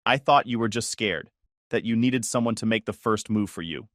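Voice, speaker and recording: A man's voice: on the low side, moderate pace, fairly bright tone, no echo, studio quality, natural voice. A man voicing a tearful, pleading young woman. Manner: pleading, sobbing. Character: tearful young woman begging her fiancé.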